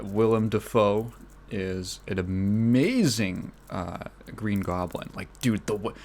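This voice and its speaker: A man hosting a casual solo podcast, rambling with many fillers and restarts, his throat phlegmy so he keeps clearing it. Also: lowish voice, slight background noise. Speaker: podcast host.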